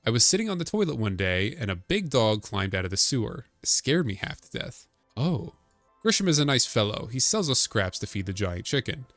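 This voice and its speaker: A man's voice: medium pitch, very animated, brisk, a bit bright, no room sound, faint music behind. A man doing a cranky old motel keeper. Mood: grumbling.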